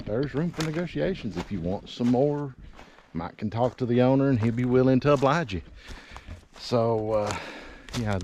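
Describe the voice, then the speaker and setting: A medium-pitched man with a darkish tone comes through on dull audio with a little hiss or hum. He's a real estate agent with a cold, sniffling and out of breath as he climbs through wooded riverside land on a walking property tour vlog. His talk is casual, folksy, and rambling, packed with fillers.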